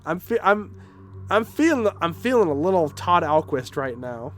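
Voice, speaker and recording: A man's voice: a little high, big pitch swings, normal speed, soft background music. A man streaming a video game, making profane, joking comments as he plays. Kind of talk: casual let's-play commentary.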